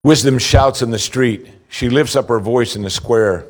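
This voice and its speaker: A man preaching a sermon, reading scripture slowly and pressing his points with rising emphasis. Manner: earnest, rises in pitch for emphasis, slows for scripture reading.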